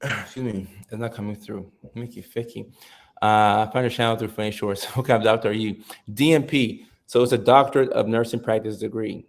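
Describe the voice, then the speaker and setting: A man's voice: lowish voice, steady tone, brisk, vocal fry. A man in his thirties hosting a casual live stream, chatting loosely with viewers and reading their comments aloud with frequent restarts. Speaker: livestream host.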